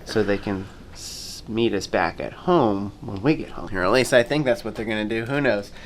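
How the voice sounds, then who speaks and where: A man's voice: on the low side, moderate pace. Easygoing man chatting on a family vlog. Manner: easygoing, rambling with fillers. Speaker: family vlogger. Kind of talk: casual vlog chat. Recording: faint background noise.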